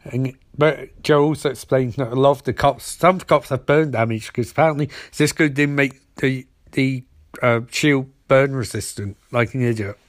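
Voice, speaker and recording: A man's voice: medium pitch, moderate pace. A man casually recapping a TV episode, making wry, mocking asides and briefly mimicking the characters as he goes.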